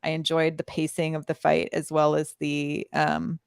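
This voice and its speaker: Podcast co-host, woman; fry-tinged lower voice, dead-dry close mic, easy laughs. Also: completely flat delivery, normal speed, dry recording. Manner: laughs often, fills with "um". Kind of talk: casual podcast review chat.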